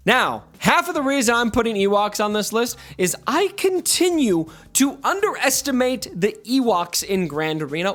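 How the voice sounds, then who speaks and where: A man's voice: high-pitched, a bit bright. A man hosting a casual gaming commentary video, talking in a playfully dramatic, mock-mournful way. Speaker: gaming YouTuber host.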